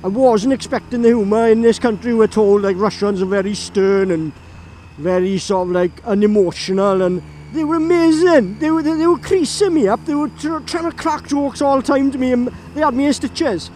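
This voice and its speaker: A man's voice: extremely high pitch, normal speed, warm tone, slight background noise, poor audio. A man from Llanelli with a Welsh accent, telling a rambling story while riding his motorbike and laughing often. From Wales. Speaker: motorcycle vlogger. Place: on a moving motorbike outdoors.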